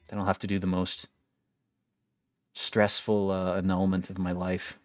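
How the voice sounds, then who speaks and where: A man's voice: sits low, completely flat delivery, a little slow, dry recording. A young man giving casual gameplay commentary, wry and complaining, swearing freely as he plays. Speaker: gaming video creator.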